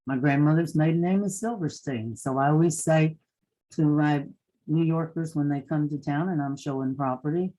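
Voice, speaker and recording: A woman's voice: deep voice, moderate pace, mellow, rough recording. An older woman with an Eastern Kentucky accent giving a folksy, down-to-earth motivational talk to fellow realtors at a conference.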